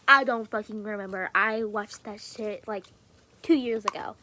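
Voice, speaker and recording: A woman's voice: mid-range voice, normal speed, sharp tone, slight background noise. A woman vlogger chatting casually to camera about her fidget toys, rambling, swearing freely and often dropping into a whisper.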